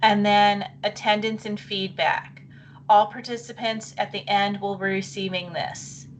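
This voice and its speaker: In a muffled recording with slight background noise, a middle-aged woman hosts a live online teachers' session. She is unhurried, chatty, and apologetic, thinking aloud as she clicks through, with a wavering mid-range voice, little pitch movement, and frequent throat-clearing.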